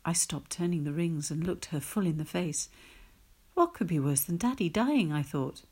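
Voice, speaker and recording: Wry, low-pitched woman narrating. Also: animated, a little mellow, husky. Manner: wry, measured storytelling. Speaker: reader. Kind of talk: audiobook narration.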